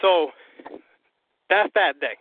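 A man, a guest on a call-in interview, telling his story in an animated, profane way and acting out what others said. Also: high-pitched, takes it slowly, dry recording. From US Northeast. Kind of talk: casual phone interview. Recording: tinny phone line.

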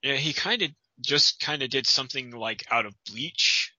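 A man's voice: mid-range voice, normal speed, pushed and bright, no room sound, highs cut off. A man co-hosting a comedic fan-story reading, riffing on the text in a sarcastic, incredulous way.

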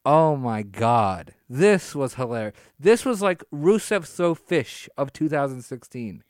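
A man co-hosting a casual wrestling podcast, animated and laughing, drawing words out for emphasis. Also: medium pitch, a little slow, no room sound, studio quality. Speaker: podcast co-host.

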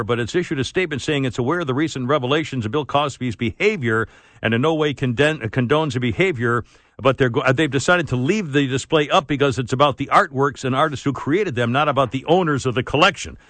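A man hosting a talk radio show, telling rambling anecdotes with frequent laughter and mock outrage, clearing his throat now and then. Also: medium pitch, a bit bright, no echo. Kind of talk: casual talk radio banter. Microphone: studio broadcast mic.

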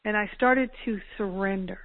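A woman hosting a call-in teaching show, speaking in a slow, measured and earnest way. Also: mid-range voice, no echo. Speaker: host. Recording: phone-line quality, dry.

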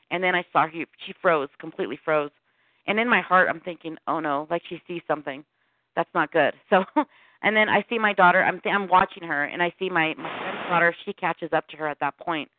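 A middle-aged woman calls in as a guest and tells her story in a lively way, voicing the people in it. The sound is thin and phone-like. The recording is dry and close, with no room sound. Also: lowish voice, no room sound. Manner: animated storytelling with quoted dialogue. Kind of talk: recounting a personal encounter. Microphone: phone call. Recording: tinny phone line.

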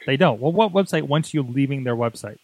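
A man's voice: medium pitch, expressive, brisk, darkish tone, dry recording. A man co-hosting a tech podcast, chatting casually and rambling with lots of fillers and jokes. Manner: rambling, jokey, many fillers. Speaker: podcast co-host.

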